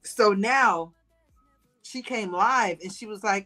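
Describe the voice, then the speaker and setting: A woman's voice: slow pace, soft background music, rough recording. Chatty woman gossiping on a livestream. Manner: animated storytelling, acts out quotes in higher voice, laughs often. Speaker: livestream host. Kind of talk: casual gossip chat to viewers.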